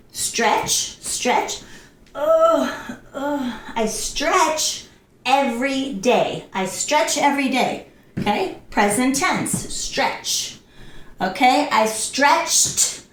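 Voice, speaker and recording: A woman teaching English to a class, repeating each word slowly and clearly and acting out the actions. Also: fairly high pitch, fairly bright tone. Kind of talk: slow classroom lesson with drills. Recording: echoey room, voice a bit far from the mic.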